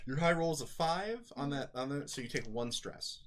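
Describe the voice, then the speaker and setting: A young woman game master with a notably low voice. Her pitch still moves a lot as she explains the rules to her players. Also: animated, moderate pace, slight background noise. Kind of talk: running a tabletop game.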